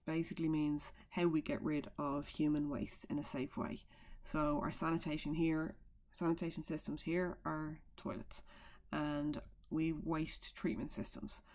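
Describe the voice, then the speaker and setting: A woman's voice: deep voice, darkish tone. A woman teaching a recorded remote lesson from home, talking chattily into a computer mic with asides and fillers as she explains.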